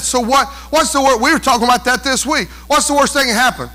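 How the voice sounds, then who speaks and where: Male pastor preaching in church; very high, bright voice, emphatic delivery, lots of rhetorical questions. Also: fast, rough recording. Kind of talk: sermon.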